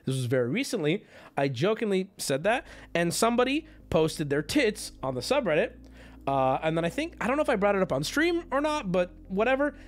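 A man's voice: sits high, big pitch swings, fairly quick. A man livestreaming and talking casually to his chat, rambling, joking and swearing freely. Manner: rambling, profane, jokey.

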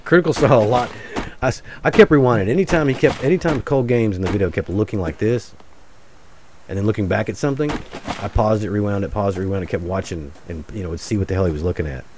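A man's voice: fairly low pitch, quick pace, background noise. A man giving casual, jokey commentary while playing a survival game, rambling and muttering asides to his viewers. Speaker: gaming channel host. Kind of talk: casual solo gameplay commentary.

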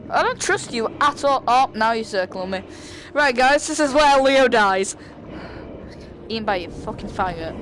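A man's voice: extremely high pitch, animated, normal speed. A young man giving jokey, profane commentary while playing a VR game. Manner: jokey, profane, trash-talking. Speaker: gaming video creator. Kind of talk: casual VR gameplay commentary. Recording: noisy game audio behind voice. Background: loud game boat and water sounds.

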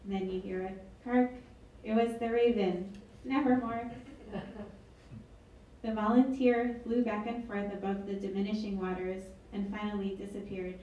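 A woman's voice: medium pitch, fairly even intonation, moderate pace, few pauses, mellow, distant mic, lo-fi sound. A woman author reading her book aloud at an event, with wry, chatty asides. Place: event hall. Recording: echoey hall, mic from afar.

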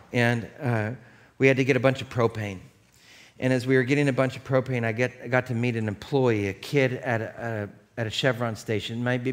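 A male pastor preaching a sermon in a loose, conversational way, telling a personal story and breaking into shouts. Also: medium pitch. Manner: animated, conversational, bursts into shouts. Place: church.

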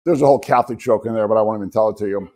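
In a lowish, darkish voice and at a very fast clip, a man in his sixties entertains a keynote audience. A doctor and entrepreneur appearing as a guest speaker, he tells comic anecdotes at his own expense and tosses in joking asides.

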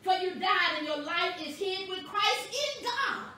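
A woman pastor delivering a sermon, with slow, emphatic preaching that stresses words boldly. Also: very high-pitched, lively intonation, bright, forceful tone, a little hiss or hum. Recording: echoey room, voice from a distance.

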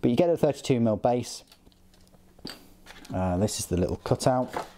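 A man's voice: mid-range voice, expressive, normal speed, warm tone, slight background noise. A man hosting a casual hobby unboxing, talking in a chatty, joking way with frequent ums and uhs. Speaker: hobby channel host.

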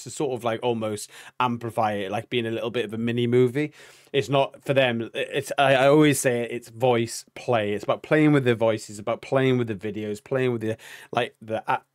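A man co-hosting a reaction video, rambling with admiration and filling his sentences with "like" and "sort of". His voice is at a medium pitch and recorded dry, with no room sound around it. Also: no echo. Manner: rambling, full of fillers, admiring. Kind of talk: casual chat.

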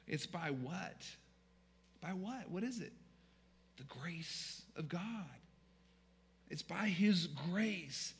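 Man preaching, playful then slow and hushed. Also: high-pitched, breathy edge. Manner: conversational preaching with jokes and audience call-and-response; slows down and drops to a hush for emphasis. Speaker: pastor. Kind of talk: sermon.

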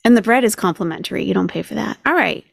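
Chatty, sarcastic woman with gravelly edge. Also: medium pitch, lively intonation, fast, no room sound, faint music behind. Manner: chatty, sarcastic, talks numbers through aloud. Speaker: commentary channel host. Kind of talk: casual commentary on a video.

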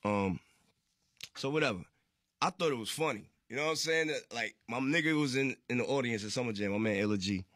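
Bright, slangy New man telling stories. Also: mid-range voice, a little fast, no echo, studio quality. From Queensbridge, New York. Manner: slangy, profane, acts out quoted voices. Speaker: guest. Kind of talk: casual storytelling interview.

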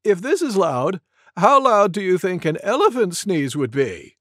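A man voicing a curious young male monkey in a storybook, asking questions in a high, eager voice. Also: big pitch swings, unhurried, dry recording, studio quality, full character voice.

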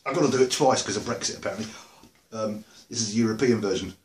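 A man's voice: on the low side, fast talker, slight background noise. An English man chatting casually to camera about beer and music, rambling with dry humor. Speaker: video blogger. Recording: roomy echo.

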